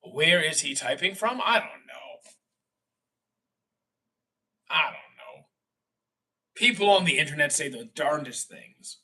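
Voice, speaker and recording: A man's voice: on the high side, lively intonation, slow, creaky, long pauses, sharp tone, far from the mic. A young Canadian man chatting casually on a live stream, rambling and correcting himself mid-sentence with exasperated asides. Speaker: streamer answering chat.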